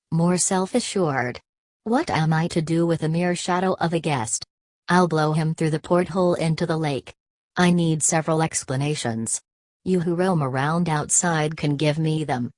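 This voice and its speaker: A woman reading an ancient, weary ghostly hunter for an audiobook. The voice sits low and steady, and the reading is calm and measured. The recording is close and dry. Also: no echo, lightly acted. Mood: solemn.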